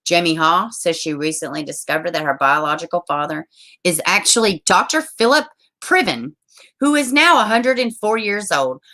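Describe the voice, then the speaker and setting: A woman's voice: on the low side, expressive, normal speed, bright, forceful tone. A woman streamer rambling casually to her viewers, swearing often and trailing off mid-thought. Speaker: live streamer.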